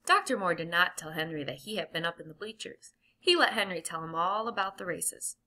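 A woman reading a children's chapter book aloud with clear, gentle emphasis. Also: on the low side, expressive, fairly quick. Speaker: audiobook reader. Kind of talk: children's storybook narration.

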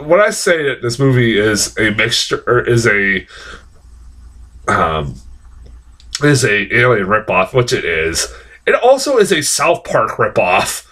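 A man's voice: mid-range voice, fairly bright tone. A young man giving a casual, rambling film review, swearing often and getting worked up as he talks.

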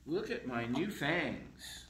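A man's voice: a little high, animated, slow, fairly bright tone, echoey room, a little hiss or hum, rough recording. A man voicing a young boy vampire who is proud of his fangs, in an earnest, childlike read-aloud voice.

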